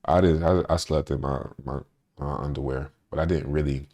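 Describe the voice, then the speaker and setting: A man hosting a podcast, telling a story in a relaxed, profane way and often laughing as he talks. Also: rumbling low, moderate pace. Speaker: podcast host. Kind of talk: casual storytelling monologue.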